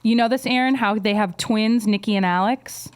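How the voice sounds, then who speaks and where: A woman's voice: medium pitch, moderate pace, clear, resonant tone. A young adult woman co-hosting a podcast, trading crude comedic banter and acting out quotes in shifting voices. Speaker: podcast co-host.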